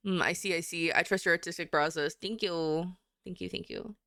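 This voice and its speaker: A woman's voice: lowish voice, steady tone, moderate pace, a bit bright, no room sound, studio quality. A young woman artist chatting casually and giggling while she draws live on stream. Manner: chatty and giggly, rambling with frequent laughs. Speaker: artist livestreamer.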